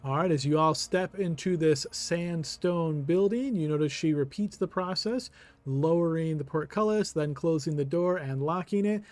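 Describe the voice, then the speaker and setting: A man's voice: a little high, normal speed, a little mellow. A man narrating a tabletop game as game master, easygoing and full of filler words.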